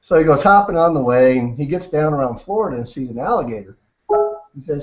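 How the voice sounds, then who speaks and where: Male host, animated fable teller, fairly high voice; dull lo-fi recording. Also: fast talker. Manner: animated storyteller with chuckles. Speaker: host closing the video. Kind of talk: storytelling a fable.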